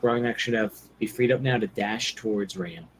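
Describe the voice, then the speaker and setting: A lower-voiced man at a tabletop game talks through his moves deliberately. A faint hiss sits in the background. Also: fairly even intonation, a bit bright, poor audio. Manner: deliberate, thinking aloud. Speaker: player.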